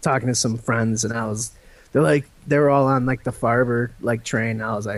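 A man's voice: medium pitch, steady tone, quick pace, dry recording. Man, co-host, laid-back, casual swearing, dry close sound. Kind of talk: casual chat.

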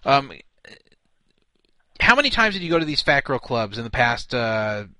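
A man's voice: medium pitch, sing-song, moderate pace, sharp tone, no echo. A man hosting a comedic radio show, talking in an exasperated way with stammering restarts. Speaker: show host.

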